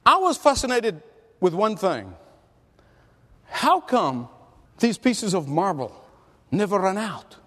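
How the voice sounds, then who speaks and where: Preacher, male, very high pitched voice, emphatic storyteller, long hall echo. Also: sing-song, takes it slowly, long pauses, sharp tone. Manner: emphatic storytelling with rhetorical questions. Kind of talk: sermon.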